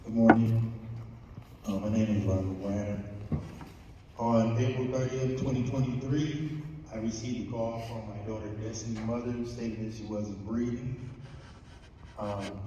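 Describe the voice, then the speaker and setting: A middle-aged man speaking haltingly and plainly to students at a school assembly. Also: fairly low pitch, steady tone, dark tone, highs cut off, slight background noise. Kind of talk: spoken talk to students. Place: large school hall. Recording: echoey hall recorded from far off.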